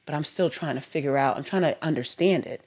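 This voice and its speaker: A woman's voice: low voice, fast talker, a little mellow. A young adult woman, a podcast co-host, in an earnest, candid conversation with her husband, acting out quoted dialogue as she explains herself.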